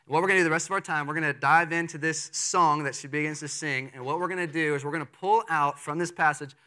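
A young man preaching a sermon in a lively, conversational way, reading scripture and acting out the people in the story with playful voices. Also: on the high side, fast, smooth. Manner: animated and conversational, jumps into playful voices for quoted figures. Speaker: pastor.

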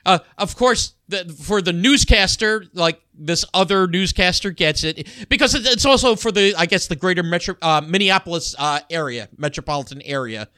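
A man's voice: high voice, lively intonation, normal speed, hardly any pauses, bright, forceful tone, clean tone, dry recording, studio quality. A man chatting casually as co-host, laughing often and stumbling over his words. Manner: laughs often, many restarts and fillers. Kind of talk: casual chat.

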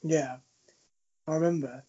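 Sweary guy, husky lo-fi voice. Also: fairly high pitch, a little slow. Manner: swears freely, laughs a lot, animated storytelling. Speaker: podcast co-host. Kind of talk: casual chat. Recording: dull lo-fi sound.

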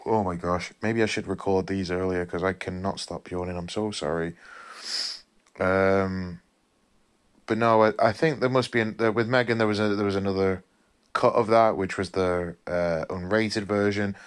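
A weary man talks through a film review in a loose, rambling way, often apologizing and trailing off. His voice sits fairly low, and he sounds worn out from a long weekend. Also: steady tone, moderate pace, clean tone. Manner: rambling, apologetic, full of fillers and restarts. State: tired, yawning. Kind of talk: casual spoken film review.

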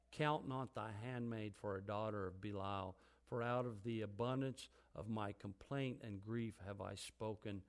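Preacher, male, mid-range voice; quiet scripture reading, then climbs loud and high when preaching.

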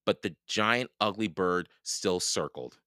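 A man reading a children's book aloud for a podcast, slow and expressive. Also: sits low, clean tone, no room sound, studio quality. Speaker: podcast read-aloud host.

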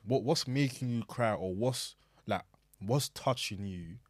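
Laid-back man, podcast co-host, lowish voice, dry close recording. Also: unhurried, no room sound. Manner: laid-back questioning, slangy. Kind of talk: casual chat.

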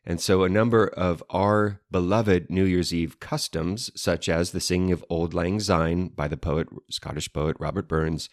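A man with a very deep voice co-hosts a relaxed chat show, joking and reaching for fancy learned words. The sound is dry and close, with no room around it. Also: unhurried, hardly any pauses, no echo. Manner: playful, wordy, fond of learned terms. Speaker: podcast co-host. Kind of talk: casual chat.

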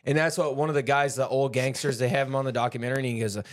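A man's voice: medium pitch, fairly even intonation, rapid-fire. A man co-hosting a podcast, chatting casually about a movie, rambling and restarting his sentences, often acting out people he quotes. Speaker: podcast co-host.

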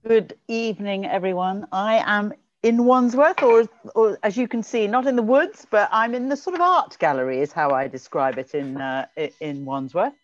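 A woman's voice: medium pitch, normal speed, no echo, highs cut off. A woman barrister introducing herself on a video call in a friendly way, stumbling over her words. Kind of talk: casual video-call chat. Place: indoor gallery-like room.

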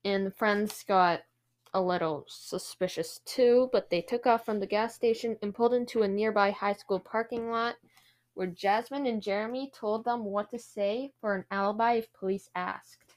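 A woman's voice: mid-range voice, steady tone, normal speed. A woman hosts a true crime podcast and recounts the case to a co-host. Her delivery is chatty and loose, with plenty of fillers.

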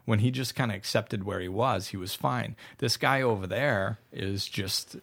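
A man's voice: fairly low pitch, moderate pace, a bit bright. A man hosting a casual, reflective chat, telling stories with lots of restarts and false starts. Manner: rambling storyteller with frequent restarts.

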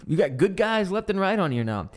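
A man co-hosting a podcast, casually recapping a TV episode with lively retelling and bits of swearing. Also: high voice, a little fast. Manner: animated retelling, acts out character quotes, swears casually. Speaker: podcast co-host.

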